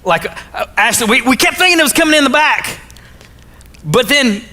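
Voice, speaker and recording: A man from Arkansas, giving a jokey, animated storytelling talk to a school audience. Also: extremely high pitch, moderate pace. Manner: animated, jokey, acts out his own quotes. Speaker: motivational speaker.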